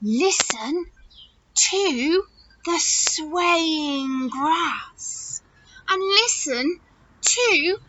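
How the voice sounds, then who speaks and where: A woman voicing a kind, wise little male cricket in a storybook, gentle and encouraging. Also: extremely high pitch, animated, extremely slow, a little hiss or hum, heavily acted, low-quality recording. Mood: dreamy.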